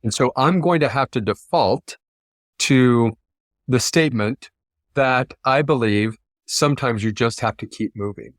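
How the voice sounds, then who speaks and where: A man's voice: mid-range voice, measured pace, no room sound, clean studio sound. A man from the United States, a guest in an interview, speaking earnestly and from the heart. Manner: earnest, heartfelt, quote-driven. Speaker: interview guest, ethics practitioner. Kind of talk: reflective interview talk.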